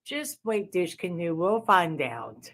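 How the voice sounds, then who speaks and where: A woman voicing a calm, unbothered toy friend who speaks low, flat and reassuring. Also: slow pace, gravelly, heavily acted.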